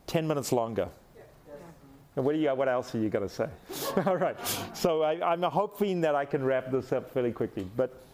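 A middle-aged African pastor delivers a sermon, animatedly telling a personal story and acting out the quoted lines. His voice is a little high, with a darkish tone.

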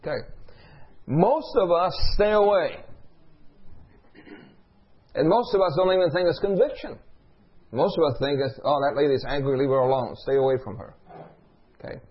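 A man's voice: fairly high pitch, normal speed, long pauses, breathy edge. A middle-aged male preacher giving a sermon, telling a story and asking the congregation call-and-response questions. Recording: dull lo-fi recording.

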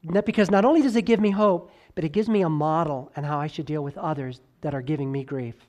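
In dull-sounding audio, a male pastor preaches a sermon that alternates between emphatic loud passages and hushed ones. He draws key words out slowly and mixes in offhand asides and stammered restarts.

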